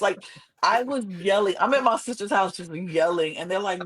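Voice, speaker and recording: A mid-pitched podcast voice, excitable and quick to exclaim while recapping a reality show. She retells how she yelled at the screen. Loose, casual chat between co-hosts. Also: breathy edge, poor audio. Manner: excitable, keeps saying "oh my God". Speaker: podcast co-host.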